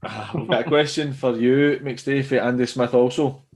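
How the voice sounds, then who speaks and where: A man's voice: mid-range voice, steady tone, moderate pace, a little mellow. A Scottish man co-hosting a football podcast, reading listener questions in a laid-back, blunt way. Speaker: podcast co-host.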